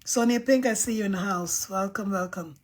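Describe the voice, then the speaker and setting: A woman's voice: medium pitch, fairly quick. A woman hosting a casual live stream, reading viewer comments aloud and giving her emphatic, outspoken opinions.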